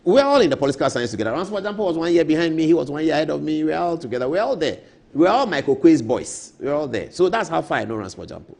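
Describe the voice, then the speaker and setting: Fast, lively Ghanaian man on TV. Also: on the high side, creaky. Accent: Ghanaian English. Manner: emphatic, repeats key points, storytelling asides. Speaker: political commentator. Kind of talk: animated TV political commentary. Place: TV studio.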